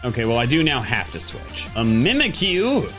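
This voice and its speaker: A woman streamer commentating her gameplay casually, dropping to low mutters and jumping to high excited yelps. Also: normal speed, over music. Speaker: game streamer.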